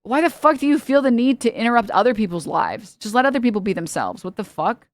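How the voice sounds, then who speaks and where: A woman's voice: fairly high pitch, lively intonation, quick pace, dry recording, clean studio sound. A woman livestreamer chatting casually with her viewers, blunt and profane, with frequent laughs.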